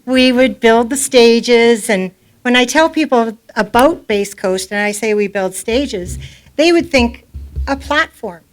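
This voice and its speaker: A woman's voice: on the high side, slow. A middle-aged woman speaking as a grieving mother at a memorial, talking off the cuff in a rambling, informal, heartfelt way in a community centre hall. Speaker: grieving mother giving a eulogy. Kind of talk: unprepared memorial speech.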